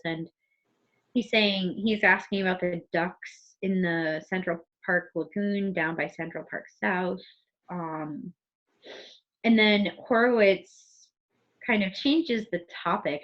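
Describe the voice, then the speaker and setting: A woman teacher co-hosting a casual literature podcast, thinking aloud and reading passages from the book. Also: on the low side. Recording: muffled recording.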